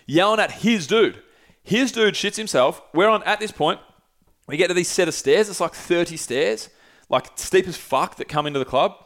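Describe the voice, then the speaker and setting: Brief: young guy, lively storyteller, loose and profane, podcast host. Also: fairly high pitch, moderate pace. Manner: animated, swears freely, acts out quoted voices. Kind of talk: casual storytelling.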